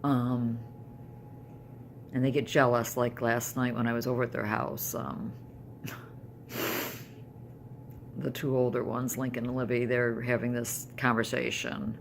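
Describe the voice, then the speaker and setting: An older woman chats into her camera at home in a loose, rambling vlog, circling back and restarting her sentences. Her voice carries a gravelly, creaky edge, with a faint hiss of background noise under it. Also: very deep voice, little pitch movement, unhurried, long pauses. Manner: rambling, conversational, with trailing restarts. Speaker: vlogger. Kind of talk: casual personal health vlog.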